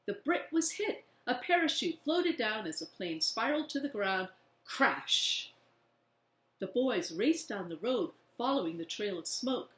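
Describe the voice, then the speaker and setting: Woman, storybook read-aloud, slow and expressive, medium pitch, echoey room. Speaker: reader. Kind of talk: reading a children's book aloud.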